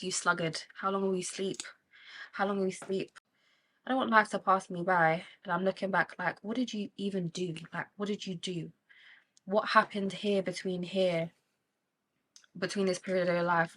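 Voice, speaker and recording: A woman's voice: fairly low pitch, pushed and bright, a little hiss or hum. A young woman with a British accent chatting candidly while doing her makeup, talking with emotion about faith and living with intention. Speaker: beauty vlogger.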